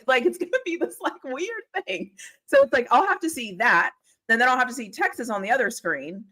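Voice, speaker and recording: Woman, casual sports chat, video call, lively pitch, fairly high voice, laughs often. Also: a little fast. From Pittsburgh area. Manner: animated, laughs often, rambling. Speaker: co-host of a football talk stream. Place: home, live stream call.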